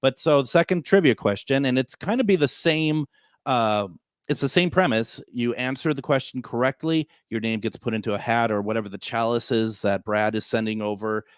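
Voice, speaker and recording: A man's voice: mid-range voice, clear, resonant tone, no echo, clean studio sound. A man hosting a casual livestream chat, joking and laughing a lot. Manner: jokey, laughs a lot, puts on quick voices for friends. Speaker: host.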